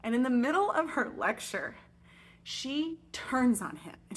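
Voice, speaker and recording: A young adult woman, a teacher, telling a chatty, expressive storytime vlog with lots of fillers. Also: fairly high pitch, measured pace, husky.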